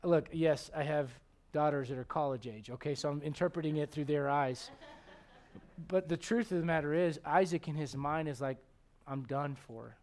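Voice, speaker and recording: A middle-aged man preaching a sermon as pastor, animated, swinging from loud exclamations to hushed tones and acting out voices in his stories. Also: a little high, moderate pace. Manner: acts out voices in his stories, chuckles often.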